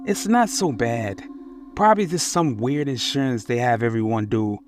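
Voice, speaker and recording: A man's voice: mid-range voice, expressive, normal speed, lightly acted. A man voicing a brash, egotistical young male jock who clowns and pushes the group in a spoken horror story. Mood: pushy. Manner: loud, clowning, pushy.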